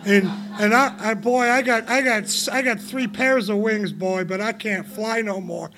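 High-voiced man telling his recovery story. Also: fairly even intonation, unhurried, bright, forceful tone. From England. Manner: candid, rambling storytelling with frequent laughs and emphatic swings. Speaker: recovery meeting speaker. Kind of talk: personal recovery story told to a meeting.

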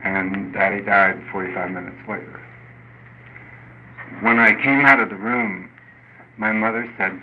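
A man's voice: on the low side, steady tone. Older man telling an earnest life story. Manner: earnest, halting storytelling with restarts. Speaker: speaker at a recovery meeting. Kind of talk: personal testimony. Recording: dull lo-fi recording with faint noise.

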